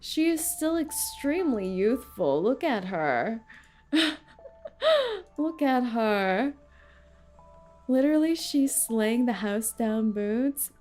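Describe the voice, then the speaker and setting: A woman's voice: fairly high pitch, big pitch swings, takes it slowly, long pauses, darkish tone. A young woman streaming a game, chatting casually and breaking into frequent laughter. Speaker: VTuber streamer. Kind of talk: casual live-stream chat over gameplay. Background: faint game music.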